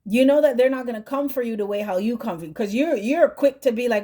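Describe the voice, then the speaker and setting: A woman talks through a tarot reading in a warm, mellow tone that sits a bit high. She is chatty and direct. She checks in with "right?" and hums "mm-hmm" between thoughts. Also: fast. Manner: chatty, keeps asking "right?" and humming "mm-hmm". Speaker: tarot reader.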